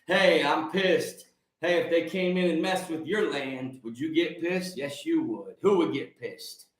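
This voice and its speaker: Man, high-pitched, fervent preacher-style host, shouting, echoey room. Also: measured pace. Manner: fervent, rising to shouts, rhetorical questions to viewers. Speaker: live-stream host. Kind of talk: fiery preacher-style live stream.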